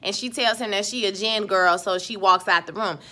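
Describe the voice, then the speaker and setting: A woman hosting a casual TV show recap, animated and chatty, talking straight to her viewers. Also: mid-range voice, normal speed. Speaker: TV recap host.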